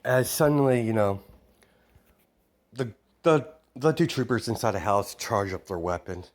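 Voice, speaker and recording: Slow, low-voiced man rambling through a story. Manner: rambling, full of fillers and restarts. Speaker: narrator. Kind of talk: casual retelling of a fan-made story.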